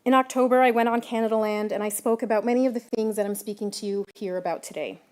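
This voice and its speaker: A woman journalist giving a prepared public talk, measured and emphatic, stressing key words. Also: a little high, fairly even intonation, a little mellow. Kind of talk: prepared lecture.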